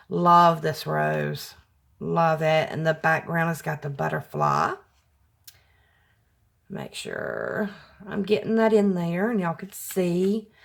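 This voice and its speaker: A middle-aged woman chatting through a craft mail unboxing, gushing, her voice jumping up high when she gets excited. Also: gravelly. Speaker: craft vlogger. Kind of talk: casual unboxing chat.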